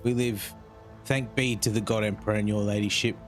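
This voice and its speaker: A man's voice: fairly low pitch, fairly even intonation, fairly quick, soft background music, natural voice. A man voicing a sniveling, humble old peasant scout in a rustic put-on accent, reading game dialogue aloud. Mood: fawning. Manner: rustic dropped-letter accent voice, fawning.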